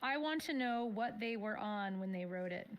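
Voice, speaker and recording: A woman's voice: mid-range voice, expressive, normal speed, lo-fi sound. A woman streamer chatting playfully and reading out viewer comments, reacting with bubbly surprise.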